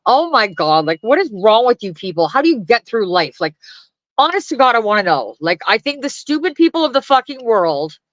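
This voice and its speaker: A woman vlogging in a blunt, profane, animated rant, laughing often. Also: fairly high pitch, a little fast, no echo. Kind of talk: ranting casual vlog. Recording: dry, dull lo-fi sound.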